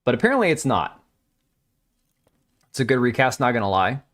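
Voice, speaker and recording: A man's voice: medium pitch, very animated, fairly quick, a bit bright. Male live streamer, casual and blunt; crude, opinionated riffing with chat.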